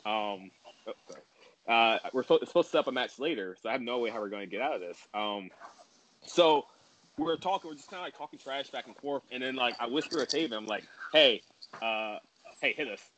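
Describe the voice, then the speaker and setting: A man's voice: mid-range voice, lively intonation, a bit bright, a little hiss or hum, low-quality recording. A man telling a story as a wrestler guest on a podcast, casual and rambling, with lots of "like" fillers. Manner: fast, filler-heavy and rambling with many "like"s.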